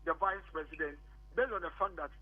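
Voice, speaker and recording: High-voiced Ghanaian man on a tinny phone line. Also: a little fast. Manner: insistent, repeats points, mixes English and Twi. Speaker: political guest on a radio show. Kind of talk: heated political argument on a phone-in.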